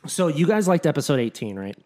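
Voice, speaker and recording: A man co-hosting a podcast in casual chat, excitable and quick to jump in. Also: fairly high pitch. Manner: excitable, animated, jumps in often. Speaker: podcast co-host.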